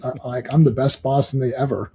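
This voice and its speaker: A man's voice: mid-range voice, fairly even intonation, a little fast, warm tone, slightly rough. A man hosting a casual comic book chat, rambling with frequent laughs and hummed theme tunes. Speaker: podcast host.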